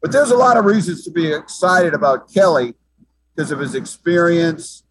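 A man's voice: a little high, big pitch swings, moderate pace, breathy edge, no room sound, low-quality recording. A man giving sports talk commentary as an analyst, emphatic and often repeating words as he thinks.

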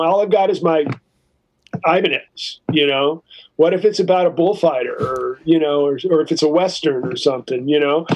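A man with a fairly high voice tells a story in a relaxed interview, loose and profane, with lots of "you know" and "like". He slips into quick, quoted bits of dialogue as he goes. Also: poor audio. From California. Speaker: guest musician. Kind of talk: casual storytelling.

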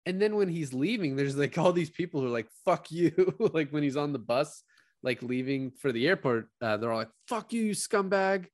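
A man's voice: medium pitch, fairly quick, no echo, clean studio sound. A man co-hosting a podcast, talking casually about a film and acting out its lines with bursts of laughter. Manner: animated, acts out quotes from scenes with laughs. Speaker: podcast co-host. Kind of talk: casual movie discussion.

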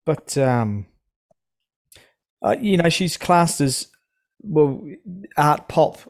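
A man's voice: a little high, animated, drawn-out words. A man hosting a casual music podcast, rambling and hesitant. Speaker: podcast host. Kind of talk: casual chat.

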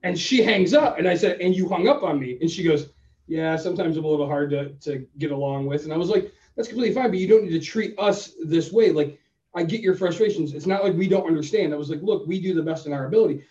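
A man co-hosting a podcast, telling a story in a casual, animated way and acting out both sides of the conversation. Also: on the high side, fast. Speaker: podcast co-host. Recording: roomy, distant, dull sound.

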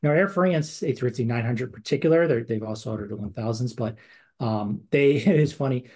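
A man's voice: mid-range voice, brisk, warm tone. A man co-hosting a podcast, talking in a casual conversational way with many fillers and restarts. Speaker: podcast co-host. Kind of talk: casual chat.

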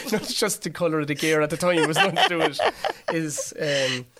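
Irish guy, middle aged, rambly podcast chat, bit higher voice. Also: lively intonation, fast talker, heavy background noise. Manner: rambling, restarts often. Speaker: podcast co-host. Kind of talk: casual chat.

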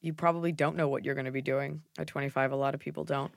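A woman's voice: very deep voice, fairly even intonation, fast talker, creaky, no room sound, studio quality. A woman in her thirties hosting a casual advice podcast, blunt and joking, with lots of "like" in her speech. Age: 30s. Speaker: podcast host giving advice.

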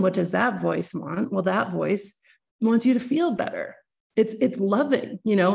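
A woman's voice: mid-range voice, creaky, a little mellow. A woman hosting a podcast, explaining ideas earnestly at length, with many restarts. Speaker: podcast host. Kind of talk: casual interview chat.

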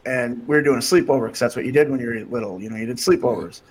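Speaking rapid-fire in a medium pitch, this podcast guest animatedly recounts a story in casual conversation, voicing the quotes of the people involved. A little hiss or hum sits under the recording.

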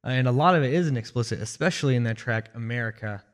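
A man's voice: mid-range voice, quick pace. A man co-hosting a casual album review, talking thoughtfully with many fillers and restarts. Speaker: music review co-host.

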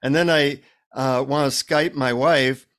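A middle-aged man, an author, telling a story in an animated conversational way and acting out the dialogue. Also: medium pitch, measured pace, smooth. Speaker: author guest.

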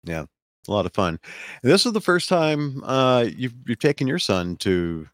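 A man's voice: medium pitch, very animated, moderate pace, fairly bright tone, dry recording, clean studio sound. A man with a Southern American accent, hosting a casual podcast chat and telling a rambling story full of fillers. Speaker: podcast host.

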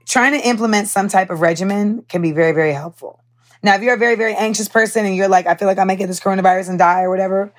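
A young American woman hosts her podcast in a loose, chatty monologue. She talks with an American accent and animated, heated asides, and her voice sits at an ordinary middle pitch. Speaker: podcast host. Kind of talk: casual storytelling monologue.

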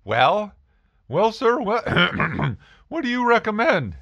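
A man's voice: sits high, very animated, takes it slowly, bright, forceful tone, no room sound, highs cut off, voice pushed up, full character voice. Man doing a stammering nervous young man. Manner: stammering, throat-clearing, voice cracking.

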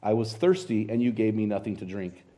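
Animated American man preaching a sermon. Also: on the low side, a little fast. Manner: storytelling, animated and conversational, quoting scripture. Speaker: pastor.

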